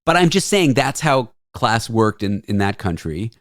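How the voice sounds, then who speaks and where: Opinionated American host, dry sound. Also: male voice, fairly low pitch, moderate pace, dry recording. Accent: General American. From North America. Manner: opinionated, animated rant. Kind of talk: casual chat.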